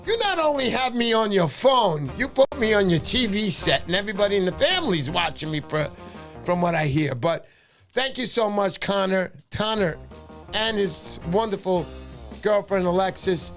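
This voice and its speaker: A man hosting a fishing livestream, talking fast and excitedly, shouting cheers and pitching memberships. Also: faint music behind. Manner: loud, hyped, shouting cheers. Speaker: livestream host. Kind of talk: excited casual livestream chat.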